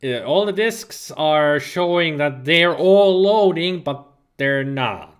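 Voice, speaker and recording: A man's voice: a little high, lively intonation, takes it slowly, clean tone. A man giving casual, joking gameplay commentary, rambling and swearing freely, with game music playing behind. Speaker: let's play commentator.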